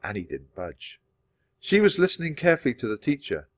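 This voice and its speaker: A man reading a children's chapter book aloud in a clear, steady storytelling manner. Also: medium pitch, fairly quick, no echo, clean studio sound. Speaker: storybook reader.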